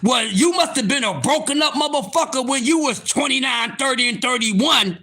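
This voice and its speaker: A man in his fifties hosting a live stream, ranting loudly and profanely at his viewers in disbelief. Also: very high-pitched, moderate pace, few pauses. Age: 50s. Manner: loud, profane, incredulous ranting. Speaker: livestream host.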